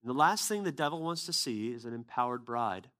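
A man delivers a sermon through relaxed personal storytelling. His tone is conversational and unpolished, turning earnest and emphatic as he drives home his message. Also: mid-range voice, fairly quick. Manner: casual, conversational retelling with quoted dialogue. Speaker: preacher.

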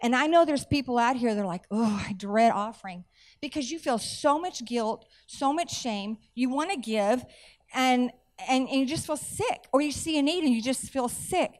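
A middle-aged woman, preaching a sermon through animated personal stories with folksy asides. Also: high-pitched, normal speed. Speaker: church speaker.

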